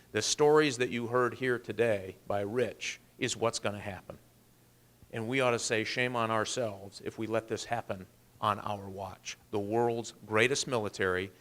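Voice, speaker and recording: A man's voice: mid-range voice, a bit bright. A man, a congressman, giving a political speech with earnest storytelling and emphatic rises.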